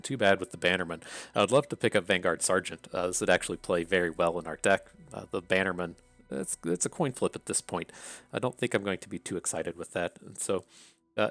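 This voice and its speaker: A man's voice: low-pitched, creaky, fairly bright tone, no room sound. A man with an Appalachian accent casually thinking aloud through card draft picks, with many fillers and restarts. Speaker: card game content creator.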